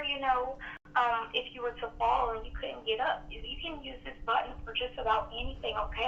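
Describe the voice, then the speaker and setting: A woman telemarketer gushes and flatters her way through a sales call. Her high, bright voice has a gravelly fry, and she sounds distant. The line is muffled, with a faint hiss behind it. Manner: gushing, flattering, overly sympathetic.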